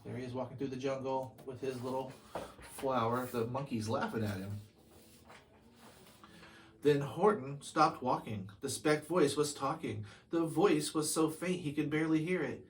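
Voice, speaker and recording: A man reading a picture book aloud as the storybook reader, pausing to comment to his listeners. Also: medium pitch, slight background noise, low-quality recording.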